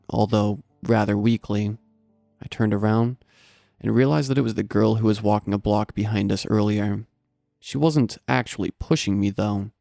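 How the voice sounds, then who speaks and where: Man, horror story narrator, low voice, gravelly fry, dry close recording, soft music behind. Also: no echo.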